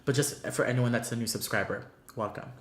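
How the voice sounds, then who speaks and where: A man's voice: medium pitch, fairly quick. A man from Florida answering fan questions in a casual beauty vlog, gushing and emotional with many "like" fillers, seated before a paper backdrop. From Orlando, Florida, US. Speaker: beauty YouTuber. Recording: roomy echo.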